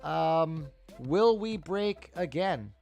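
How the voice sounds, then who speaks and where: A man in his thirties talks through a live market stream in a loose, tired way. He swears freely and works himself up into heated rants. His voice sits a little high, with faint music playing underneath. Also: drawn-out words, gravelly. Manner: profane, ranting, animated. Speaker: livestream stock trading host. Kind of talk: casual live market commentary.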